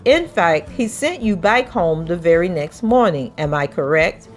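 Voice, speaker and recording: A woman podcast host reading a trial transcript aloud, voicing the questioning in a measured, even way. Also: fairly low pitch, faint music behind.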